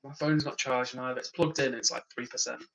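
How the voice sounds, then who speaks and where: Bright-voiced tired man chatting on stream. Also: mid-range voice, steady tone, fast, creaky, rough recording. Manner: chatty, laughs often, reads chat aloud. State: tired, yawning. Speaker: livestream host. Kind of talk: casual live-stream chat reading comments.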